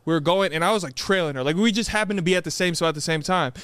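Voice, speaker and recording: A man co-hosting a podcast in casual chat, animated storytelling with sudden jumps in his voice. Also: sits high, rapid-fire, smooth, no echo. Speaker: podcast co-host.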